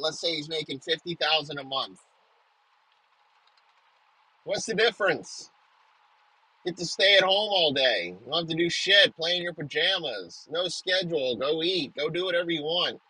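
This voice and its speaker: A young man tears through a profane comedic rant, riffing crudely and restarting his sentences as he goes. His voice is sharply bright with a husky edge. The recording is close and dry, with no room sound. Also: a little high, no echo, low-quality recording.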